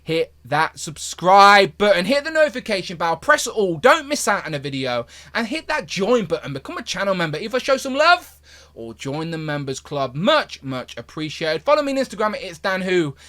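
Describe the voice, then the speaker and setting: A man hosting a toy review video, talking in an enthusiastic, chatty way with a hoarse voice. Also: high-pitched, big pitch swings, brisk, a bit bright. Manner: enthusiastic, chatty, repeats pleas to viewers. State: hoarse, losing his voice. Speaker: toy review channel host.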